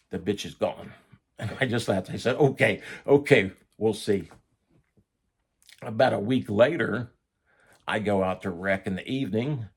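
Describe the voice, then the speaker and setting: A middle-aged man casually telling a profane first-person story, acting out the voices of the people he quotes. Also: on the low side. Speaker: storyteller recounting prison life.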